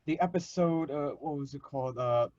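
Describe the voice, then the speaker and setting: A man hosting a fan panel, enthusiastic and polite, halting often with fillers. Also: on the high side, a little mellow, dry recording. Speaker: host. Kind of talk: casual chat. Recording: dull, dry sound.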